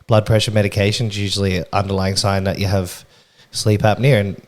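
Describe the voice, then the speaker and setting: A man's voice: fairly low pitch, flat delivery, fairly quick. A young man co-hosting a podcast, laid-back and laughing often, swearing freely in casual chat. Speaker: podcast co-host.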